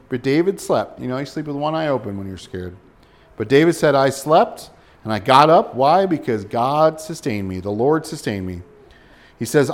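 A man's voice: medium pitch, animated, normal speed. A man preaching a sermon as pastor, speaking directly to listeners and asking them rhetorical questions.

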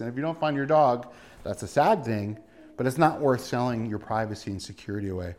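A man's voice: medium pitch, expressive, quick pace, a little mellow. A male pastor delivering a sermon emphatically, full of rhetorical questions and repeated words.

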